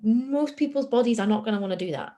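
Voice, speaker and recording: A woman's voice: fairly high pitch, animated, quick pace, mellow. A woman guest on a podcast, talking openly and self-deprecatingly and laughing easily. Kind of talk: casual chat.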